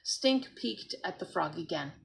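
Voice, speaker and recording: A woman reads a children's chapter book aloud in an expressive, animated way. Her voice sits slightly low and is full of gravelly creak. She keeps a slow, unhurried pace. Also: low-quality recording. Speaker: storybook reader.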